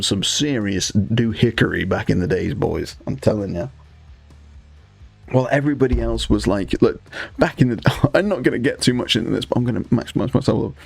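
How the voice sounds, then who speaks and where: A man's voice: medium pitch, vocal fry, breathy edge. A young man with a Northumbrian accent, hosting a casual live stream while painting miniatures, rambling with frequent restarts and crude banter. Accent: Northumbrian English. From Northumberland, England. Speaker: livestream host.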